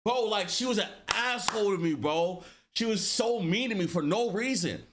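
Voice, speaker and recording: A young man and streamer telling a casual story to his chat, loose and animated, heavy on slang and filler words, acting out what people said. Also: high-pitched, normal speed, noisy background.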